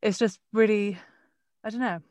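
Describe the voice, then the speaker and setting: A woman's voice: mid-range voice, fairly even intonation, normal speed, darkish tone, dry recording. A woman actor with a mild Essex accent, telling rambling anecdotes in a casual conversation. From England. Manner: chatty, rambling anecdotes, frequent restarts.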